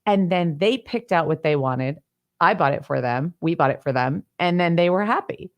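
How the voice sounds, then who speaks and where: Middle-aged woman, lowish voice, teaching talk, step-by-step explainer, everyday examples, acted-out quotes. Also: expressive, moderate pace, lo-fi sound. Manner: acts out quoted lines with bigger pitch swings. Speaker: decluttering coach.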